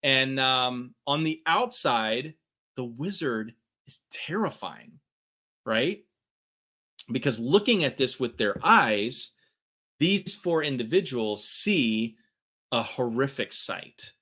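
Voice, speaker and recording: A man's voice: medium pitch, lively intonation, slow pace, pushed and bright. A middle-aged man co-hosting a workshop talk, conversational, with lots of fillers and "right?" checks. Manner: conversational, many fillers and tag questions. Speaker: podcast co-host.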